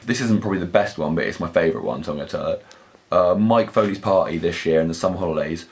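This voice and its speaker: Low-voiced young man. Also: fast talker. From southern England. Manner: crude, sweary, rambling comic monologue. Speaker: vlog host. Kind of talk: casual anecdotal storytelling.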